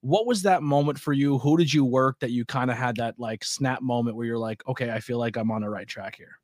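Male podcast host, middle pitch, dry booth sound, easygoing chatty interviewer. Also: brisk, darkish tone, dry recording. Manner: friendly, chatty questioner. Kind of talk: casual interview chat.

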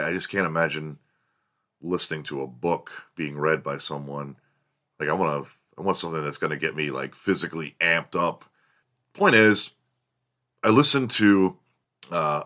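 Male host, low bright voice, profane and animated casual storyteller. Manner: profane, animated storyteller with big pitch jumps.

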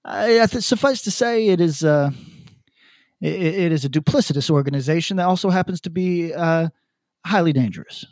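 A man putting on a halting, formal voice of an older economist. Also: on the high side, a little mellow, dry recording, clean studio sound, natural voice. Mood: solemn. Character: pompous older male economist, slow formal diction.

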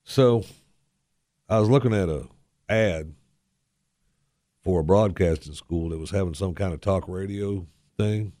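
A man's voice: sits low, a little slow, pauses often, mellow, no room sound, studio quality. A man hosting a talk radio show into a headset mic, talking in a put-on folksy drawl with a joking, sarcastic manner. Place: radio studio. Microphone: headset microphone.

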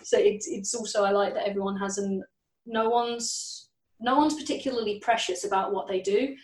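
A woman who plays bass in a band, chatting openly and rambling a little, acting out her bandmates' remarks. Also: steady tone, normal speed, darkish tone. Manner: open, chatty, rambling, acts out bandmates' quotes. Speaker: band bassist. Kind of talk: casual interview chat. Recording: echoey room, distant mic.

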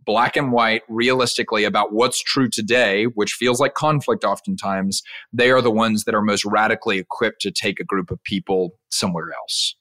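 A young adult man talking as a podcast guest, animated and quick to laugh. His voice is bright and forward, and the sound is dry and close to the mic. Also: fairly low pitch, no echo. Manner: animated storyteller, laughs often. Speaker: podcast guest, leadership speaker. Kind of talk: casual interview.

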